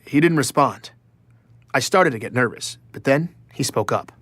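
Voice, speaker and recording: A man's voice: medium pitch, expressive, normal speed, fairly bright tone, breathy edge, dry recording. An actor playing an anxious male journalist in an audio drama, narrating in first person and stammering when nervous.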